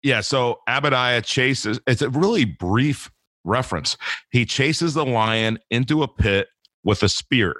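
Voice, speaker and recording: A man's voice: on the low side, a bit bright, dry recording, studio quality. A man talking casually about faith as a podcast guest, rambling with many restarts and fillers.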